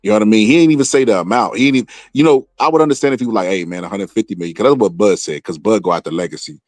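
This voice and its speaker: A man with a low voice gives streetwise boxing commentary in a dry, close recording. He talks animatedly in casual slang and keeps repeating his phrases. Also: very fast, a little mellow, no echo.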